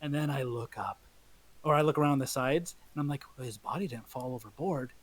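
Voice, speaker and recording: A man's voice: medium pitch, fairly quick. A man co-hosting a podcast, recounting a game in rambling casual chat. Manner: rambling, self-interrupting recollection. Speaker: podcast co-host.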